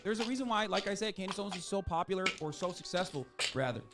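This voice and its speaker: A man talks fast and bluntly, with a slightly high voice, swearing as he rants over a video game stream. Loud music from the game plays behind him the whole time. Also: expressive. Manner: blunt, profane, heated ranting. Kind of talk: casual commentary while gaming.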